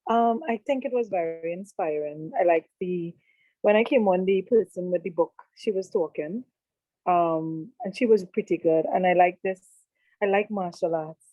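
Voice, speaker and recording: A woman's voice: on the low side, normal speed, no room sound. A woman from Trinidad and Tobago with a Trinidadian accent, answering questions as a guest on a video call in a shy, hesitant way. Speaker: guest participant. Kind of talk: casual video call chat. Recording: dry tinny video call audio.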